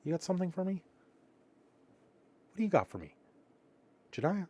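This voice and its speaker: Guy doing a soft hopeful begging doggy voice, a bit higher and quieter, dry sound. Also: sing-song, measured pace, husky, no echo, lo-fi sound, exaggerated voice. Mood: eager. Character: eager female pet dog begging for treats.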